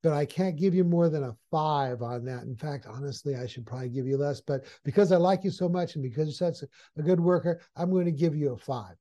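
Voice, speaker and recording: Guy doing a friendly boss, talks fast, mellow tone. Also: on the high side, close to an everyday voice. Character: friendly middle-aged male office boss.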